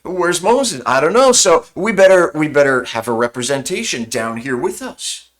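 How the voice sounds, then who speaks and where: A man's voice: fairly high pitch, big pitch swings, moderate pace, voice pushed up. A man voicing a sheepish, evasive man who shifts the blame in a whiny, wheedling tone.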